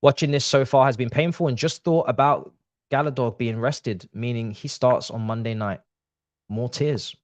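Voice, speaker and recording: A man's voice: mid-range voice, moderate pace, dry recording. A man hosting a live football watch-along, talking straight to his viewers as a passionate fan.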